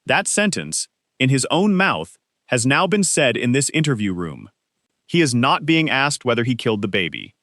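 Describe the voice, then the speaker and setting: A male true-crime narrator gives measured, pointed commentary with lively rises and falls in pitch. The voice-over is close and dry, with no room sound. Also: dry recording.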